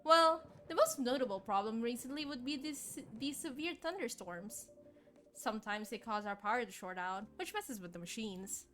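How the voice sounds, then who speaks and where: A woman's voice: fairly high pitch, moderate pace, fairly bright tone, faint music behind, lightly acted. A woman voicing a courteous, chatty café barista in a game, speaking earnestly. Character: polite barista running a café. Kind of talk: streamer voicing game dialogue.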